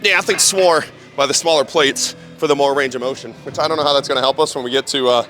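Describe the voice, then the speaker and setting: A man's voice: medium pitch, fast, a bit bright, faint music behind. A young man filming a gym training vlog as a strength coach, hyped and talking between lifts, often swearing.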